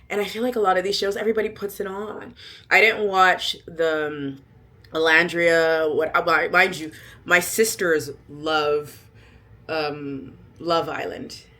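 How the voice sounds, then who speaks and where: A middle-aged woman vlogger chatting casually to her viewers, animated and emphatic, often laughing and bursting into loud exclamations. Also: low-pitched. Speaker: lifestyle vlogger. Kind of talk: casual chat to camera.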